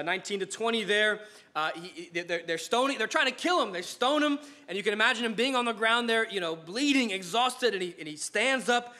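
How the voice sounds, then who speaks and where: A man preaching a sermon in a church, telling stories in a casual, animated way with frequent restarts. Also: high voice. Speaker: pastor.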